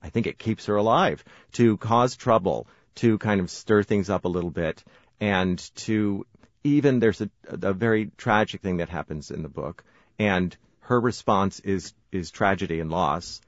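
A man's voice: deep voice, measured pace, dry recording, dull audio. An American man, an author guest on a radio interview, telling stories and laughing often. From United States. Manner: warm storytelling, laughs often.

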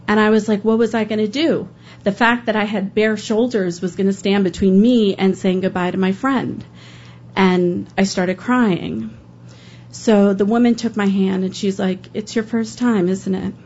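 A woman's voice: mid-range voice, a little mellow, highs cut off. A woman storyteller giving an earnest, emotional first-person account live on stage.

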